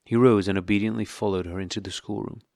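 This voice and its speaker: Male narrator, low voice, dry close sound, calm classic-novel audiobook read. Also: fast, gravelly, no echo.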